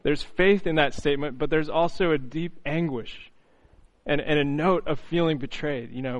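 A man preaching an earnest, reflective sermon, often pausing on "you know" and restarting phrases. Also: on the high side, lo-fi sound.

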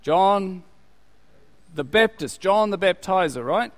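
A man's voice: high voice, lively intonation. A man preaching a sermon, asking his listeners questions and rising in volume when he quotes scripture. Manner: unhurried, rising loud on scripture quotes, asks the audience questions. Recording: long hall reverb.

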